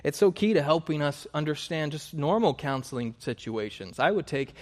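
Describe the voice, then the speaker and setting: A man's voice: fairly high pitch, lively intonation, moderate pace. Emphatic male preacher in a reverberant room. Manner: earnest, emphatic repetition with self-corrections. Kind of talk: sermon.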